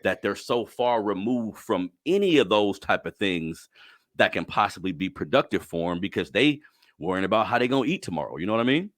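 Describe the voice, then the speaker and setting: A man hosting an interview podcast, speaking in a low voice that swings widely in pitch. He talks emphatically and with conviction. The recording is dry and close. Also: a little fast, no room sound. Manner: emphatic, animated, jumps up high when joking. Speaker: podcast host. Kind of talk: conversational interview.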